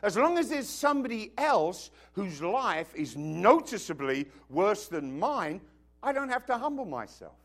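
A man's voice: sits high, very animated, a little slow, a bit bright. A man from Britain with a British accent preaching a sermon, emphatic and joking, often asking the congregation whether they follow. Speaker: pastor.

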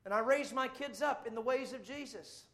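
A middle-aged man preaches with animated, emphatic storytelling. His voice sits remarkably high for a man. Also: normal speed. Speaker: evangelist. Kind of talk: sermon.

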